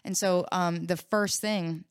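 A woman's voice: lowish voice, steady tone, slow, clear, resonant tone, no room sound, clean studio sound. A woman co-hosting a recovery workshop talk, explaining ideas casually with frequent "right?" checks and acted-out examples. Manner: acts out an anxious inner voice in examples. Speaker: podcast co-host.

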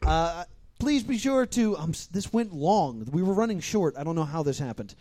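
A man's voice: on the high side, animated, moderate pace, mellow. A man hosting a live comedy podcast, rambling jokily through show plugs and stumbling over names. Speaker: podcast host. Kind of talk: casual live podcast banter.

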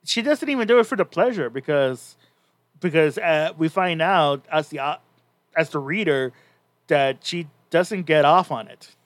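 A man's voice: on the high side, expressive, measured pace, dry recording. A man co-hosting a podcast, casually recapping a story in a rambling way with many restarts. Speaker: podcast co-host.

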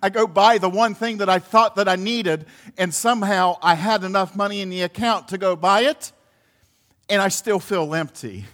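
A man's voice: high voice, moderate pace, a bit bright. A man preaching a sermon in a conversational way, full of restarts, asides and laughs. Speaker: pastor.

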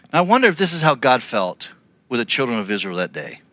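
A man preaching a sermon, telling stories and acting out the people he quotes with lively shifts in voice. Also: mid-range voice, fast, no room sound. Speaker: pastor.

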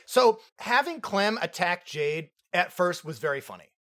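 A man's voice: sits high, very animated, a little slow, a bit bright. A man co-hosting a film review podcast, chatting casually, laughing often and mocking lines he quotes. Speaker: podcast co-host.

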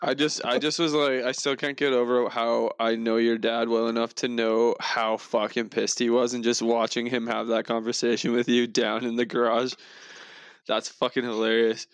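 A man's voice: medium pitch, level tone, normal speed, clean tone. A young man in casual chat, teasing a friend and swearing freely.

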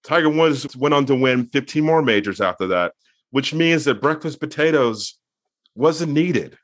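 A man's voice: medium pitch, animated, measured pace, no echo, clean studio sound. A man co-hosting a podcast, riffing playfully with mock-serious buildups. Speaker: podcast co-host. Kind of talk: casual comedic chat.

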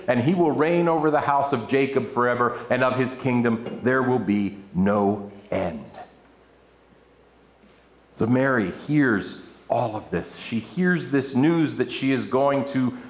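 A man preaching a sermon to a room, reading scripture aloud and adding playful asides. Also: medium pitch. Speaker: pastor. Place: church room with an audience. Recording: echoey room.

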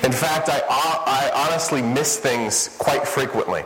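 A man's voice: medium pitch, measured pace, a bit bright. A man preaching a sermon to a live congregation, telling self-deprecating stories with jokes. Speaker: pastor. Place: large church hall, live before congregation. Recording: reverberant hall with ambient noise.

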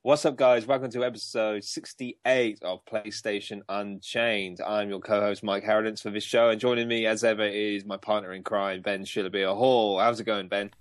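A man co-hosting a casual gaming podcast, chatty and loose, with lots of ums and quick laughs. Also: fairly low pitch, fairly even intonation. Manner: chatty, many ums and restarts, laughs easily. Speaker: podcast co-host.

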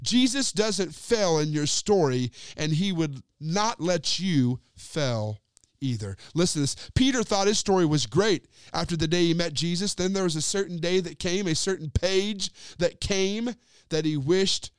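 A man preaching a sermon and retelling a scripture story, talking straight to his listeners and letting his sentences sink to low, quiet endings. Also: animated, measured pace, clear, resonant tone, dry recording, clean studio sound. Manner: addresses listeners directly as friends.

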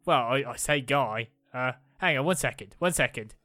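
A woman's voice: very deep voice, animated, normal speed, bright, forceful tone, faint music behind. A woman playing in a tabletop game, talking playfully with many hesitations. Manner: playful, hesitant, full of fillers. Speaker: player. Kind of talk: casual tabletop role-play.

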